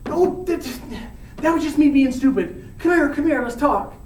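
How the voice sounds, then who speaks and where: A man's voice: extremely high pitch, animated, moderate pace, reverberant, far from the mic, a little hiss or hum, pitched above the performer's own voice, rough recording. A man voicing a lovestruck teenage girl who talks in gushing, dramatic modern slang. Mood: coy.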